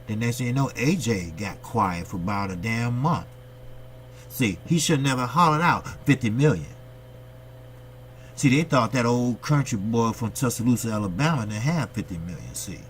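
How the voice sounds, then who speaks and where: A man from the United States rants about boxing straight to his viewers in a blunt, salty way, answering his own questions as he goes. His voice sits at an ordinary middle pitch. A faint hum runs under the recording. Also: lively intonation, moderate pace. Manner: blunt, profane, ranting delivery. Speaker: boxing channel host. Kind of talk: opinionated boxing commentary monologue.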